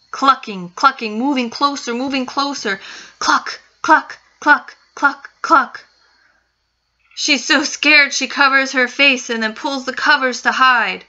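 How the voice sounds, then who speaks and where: A woman's voice: mid-range voice, sharp tone. A woman narrating a spooky story with suspense, repeating phrases for effect. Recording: dull lo-fi recording.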